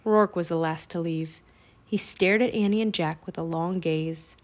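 Woman audiobook narrator, children's fiction, clear, expressive. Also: on the low side, normal speed.

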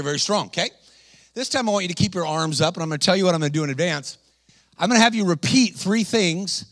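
Man, preacher, high voice, animated, exhorting, dry close sound. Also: no room sound. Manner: animated, exhorting, calls to the crowd. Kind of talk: energetic sermon.

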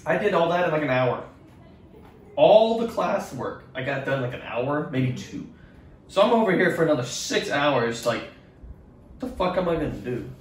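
A man's voice: fairly high pitch, big pitch swings, moderate pace, recorded from a distance. A young man on a podcast, rambling through school stories with lots of swearing and acted-out quotes. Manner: rambling, profane, acts out quotes. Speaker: podcast co-host. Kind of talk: casual podcast storytelling. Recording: echoey room, off-mic with faint noise.

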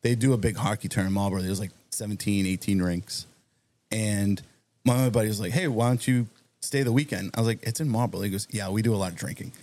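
A man telling a long, animated story on a podcast, acting out the other people in it. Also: lowish voice, fast talker. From Massachusetts. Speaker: guest storyteller. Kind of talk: casual anecdote on a podcast.

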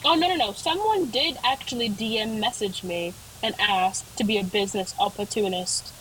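A woman's voice: medium pitch, moderate pace, fairly bright tone, slight background noise, rough recording. A young woman co-hosting a podcast in casual chat, telling rambling stories with many fillers. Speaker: podcast co-host.

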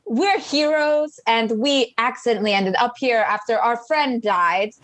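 A woman's voice: fairly high pitch, unhurried, fairly bright tone, dry recording. A woman playing a tabletop game, speaking in character with sarcastic, haughty banter. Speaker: player. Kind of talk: in-character tabletop role-play.

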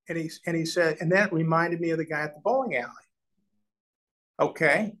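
A man's voice: fairly high pitch, fairly quick, long pauses, rough recording. A man in his sixties from Omaha, a guest telling a long business story in an interview and acting out the dialogue as he goes. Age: 60s. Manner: animated storyteller, acts out quoted dialogue. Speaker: real estate developer, guest.

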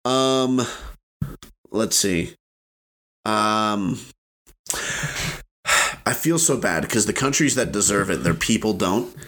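A young man in casual chat, animated, often jumping into playful voices. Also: lowish voice, takes it slowly, long pauses.

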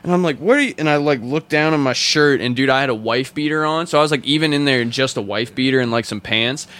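A man talking in a loose, casual podcast, spinning long stories with plenty of swearing. His voice sits at an ordinary middle pitch and jumps up when he quotes people in his stories. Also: fast, fairly bright tone, clean tone. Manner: profane storyteller, voice jumps up when quoting people. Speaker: podcast co-host.

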